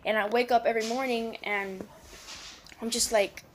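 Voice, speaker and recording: A woman's voice: a little high, steady tone, normal speed, background noise. A teenager with a female voice, talking in a personal confessional vlog in a subdued, hesitant, rambling way with lots of fillers and restarts. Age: teens. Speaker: vlogger.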